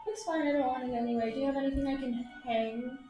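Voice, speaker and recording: Playful chatty woman at a d&d table, bit high voice, echoey room w/ music. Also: steady tone, fast. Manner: chatty, playful, laughs easily. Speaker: player. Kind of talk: casual tabletop game chat.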